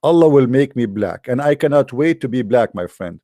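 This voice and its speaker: A man's voice: mid-range voice, expressive, normal speed, warm tone, no echo, clean studio sound. A man delivering a mocking, sarcastic monologue to viewers in broken, non-native English. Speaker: online commentator.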